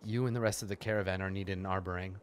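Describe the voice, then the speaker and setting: A man reading the lines of a solemn female mage in a quiet, measured, grave way. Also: low-pitched, fairly even intonation, a little hiss or hum, natural voice.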